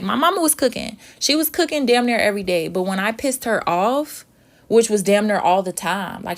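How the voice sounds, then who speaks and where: Frank young woman, candid storytelling. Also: medium pitch. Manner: emotional, frank, swears freely. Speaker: vlogger.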